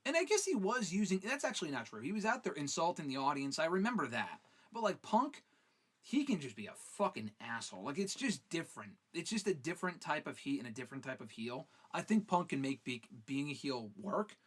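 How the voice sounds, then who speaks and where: A man's voice: a little high, big pitch swings, brisk, breathy edge. A man hosting a live fan Q&A stream. He talks casually and swears freely while reading out viewer questions. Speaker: host.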